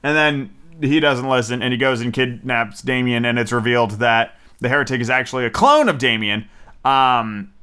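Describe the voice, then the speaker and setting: A young man giving a casual, rambling movie review, excitable and full of fillers and swearing. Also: medium pitch, normal speed, clear, resonant tone.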